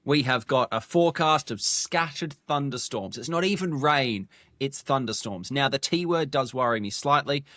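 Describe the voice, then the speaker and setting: An excitable male podcast co-host in casual chat, with a jokey, lively banter manner. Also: mid-range voice, normal speed, dry recording, clean studio sound.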